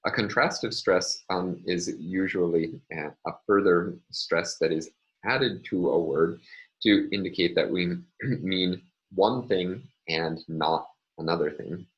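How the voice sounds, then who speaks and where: A male linguistics lecturer explaining step by step in a measured, recorded lecture, with frequent filler words. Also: deep voice, dull audio.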